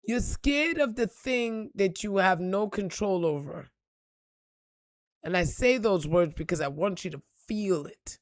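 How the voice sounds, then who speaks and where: A woman giving an impassioned, profane motivational talk on a live stream, repeating lines and building to shouts. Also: mid-range voice, unhurried, no room sound, clean studio sound. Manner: preachy, profane, rising to shouts.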